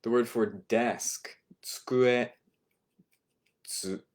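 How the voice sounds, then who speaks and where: A man's voice: mid-range voice, steady tone, extremely slow. A man teaching an online Japanese vocabulary lesson from home, patiently repeating each word for his students. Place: home, not a classroom.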